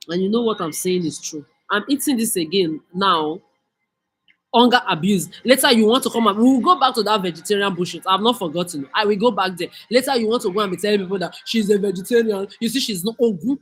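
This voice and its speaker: A woman's voice: medium pitch, husky, low-quality recording. A woman with a Nigerian accent delivering an angry rant monologue, cursing and scolding as she mixes in Pidgin. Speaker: vlogger.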